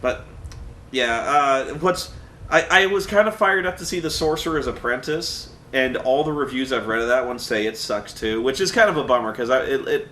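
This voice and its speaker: A man chatting casually about movies he saw, lively and laughing, often acting out scenes in mock voices. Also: medium pitch, moderate pace. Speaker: co-host reviewing movies. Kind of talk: casual movie review chat. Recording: echoey room with faint noise.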